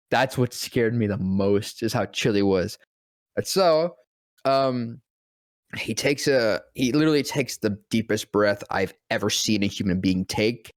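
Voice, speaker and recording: A guest voice actor tells a story during casual podcast chat, profane and animated, often dropping into deep voices when he quotes people. The sound is clean studio audio with no room sound.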